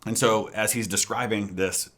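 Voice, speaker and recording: A man who hosts a history reaction channel, explaining in a measured way with fillers how his videos work. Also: fairly low pitch, steady tone, a bit bright.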